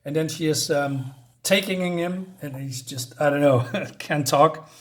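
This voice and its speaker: A man's voice: on the high side, a little slow. A man casually recapping a comic book's plot, rambling and hesitant, often losing his thread. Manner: rambling, many fillers and restarts. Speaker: comic reviewer.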